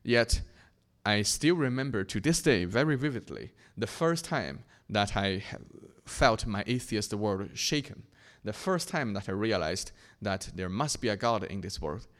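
A young man from China giving an earnest, reflective personal testimony, often pausing and restarting his sentences. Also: lowish voice, expressive, a bit bright. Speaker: speaker sharing his faith testimony.

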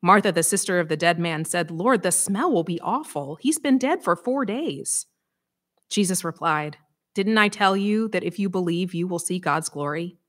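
Expressive woman preacher. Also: lowish voice. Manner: expressive, conversational with dramatic emphasis. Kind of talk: scripture reading and sermon.

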